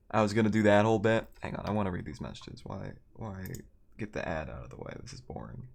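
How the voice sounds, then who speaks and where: A man's voice: sits low, brisk, gravelly. A man chatting casually with his viewers while he plays a game on a live stream, rambling and poking fun at himself.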